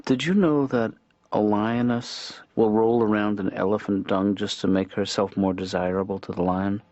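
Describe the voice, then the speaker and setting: A man voicing a mild, hesitant middle-aged therapist in a cartoon, halting and repeating his words. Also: fairly low pitch, steady tone, darkish tone, dry recording, lightly acted. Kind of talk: improvised cartoon dialogue. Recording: dull lo-fi soundtrack.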